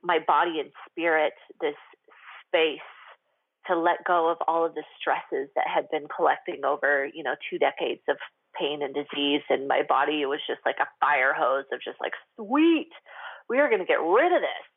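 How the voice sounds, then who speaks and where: A woman's voice: low-pitched, little pitch movement, normal speed, vocal fry, slightly rough, no room sound. A woman hosting a radio show, speaking candidly to her listeners with lots of "like" and "um". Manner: chatty and confessional, heavy with "like" and "um". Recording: tinny phone-line sound, dry.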